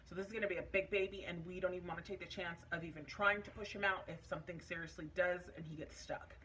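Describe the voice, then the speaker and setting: A woman's voice: fairly low pitch, fairly even intonation, fast, bright, forceful tone, slight background noise. A young adult woman vlogging casually, telling a personal story in a chatty, emotional way with many fillers.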